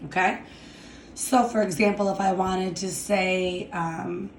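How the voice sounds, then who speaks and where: A woman on the low side, with fairly even intonation, gives a step-by-step Spanish grammar lesson while writing. She speaks slowly and deliberately, repeating "okay?" to check comprehension. The room echoes, and there's a little hiss or hum.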